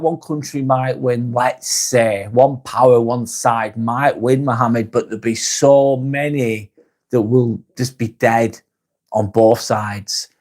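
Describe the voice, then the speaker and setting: A man's voice: mid-range voice, darkish tone. A man with a British accent hosting a casual live stream, reading out viewer comments and answering them bluntly, swearing freely and often laughing.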